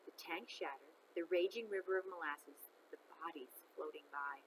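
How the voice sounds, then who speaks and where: A woman reading a children's novel aloud, expressive and chatting to listeners between chapters. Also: low-pitched, moderate pace, a little hiss or hum, low-quality recording.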